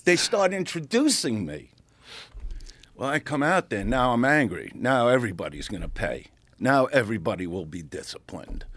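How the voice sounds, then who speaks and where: A middle-aged man, a comedian telling a profane, animated story on a podcast. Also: medium pitch, moderate pace, dry recording. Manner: animated, profane, acts out quotes. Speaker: comedian guest.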